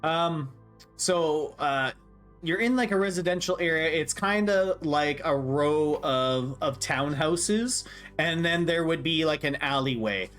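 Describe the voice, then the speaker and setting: A man's voice: fairly high pitch, takes it slowly, fairly bright tone, soft background music. A man narrating as game master of a tabletop game, laughing often and rambling loosely.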